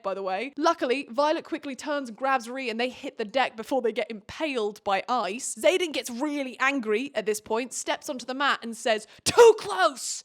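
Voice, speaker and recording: A woman's voice: fairly high pitch, fairly bright tone. A young woman recapping a novel in a chatty, sarcastic way with playful asides. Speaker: book recap host. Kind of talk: comedic book recap.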